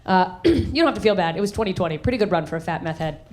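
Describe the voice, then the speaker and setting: A woman performing a high-energy stand-up comedy set on stage, acting out voices and shouting her punchlines. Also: expressive, racing. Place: comedy stage in front of a live audience. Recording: live stage recording with crowd. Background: audience laughter.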